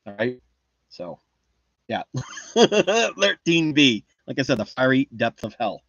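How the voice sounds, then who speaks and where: A man's voice: medium pitch, big pitch swings, takes it slowly, gravelly, fairly bright tone, dry recording, dull audio. A man chatting casually on a livestream, reading the chat and rambling in a boastful, joking way. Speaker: livestream host.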